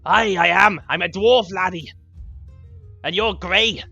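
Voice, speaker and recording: Man doing a captain, loud, gruff, bright tone, lo-fi audio, faint music. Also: takes it slowly, dry recording, full character voice. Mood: gruff, blustery. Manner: booming, blustery. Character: loud gruff male dwarf guard captain.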